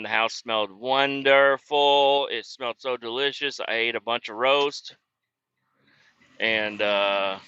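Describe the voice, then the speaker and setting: A man's voice: fairly low pitch, pushed and bright, clean tone, no echo, lo-fi sound. A man chatting casually while driving, telling stories in a profane, laid-back way. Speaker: vlogger and truck driver.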